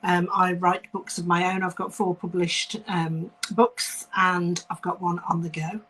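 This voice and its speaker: A woman's voice: lowish voice, little pitch movement, unhurried, a bit bright, slightly rough, poor audio. A woman from Staffordshire with a West Midlands accent, answering interview questions over a video call in a friendly way with many ums. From Staffordshire, England. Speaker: author and guest.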